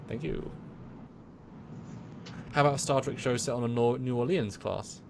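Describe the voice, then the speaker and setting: A man co-hosting a casual livestream chat, rambling with many restarts and quick asides. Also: medium pitch, vocal fry, a little hiss or hum. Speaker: co-host.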